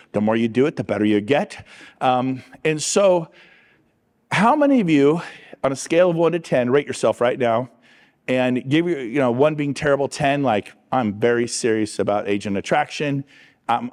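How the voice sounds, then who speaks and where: A middle-aged man giving an energetic motivational talk on stage, quizzing and teasing his audience. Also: medium pitch. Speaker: real estate coach on stage.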